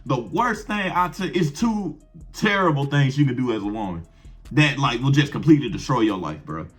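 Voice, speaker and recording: A man's voice: on the high side, a bit bright. A young man giving blunt, profane relationship advice to camera in brash slang, firing off rhetorical questions. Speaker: advice vlogger.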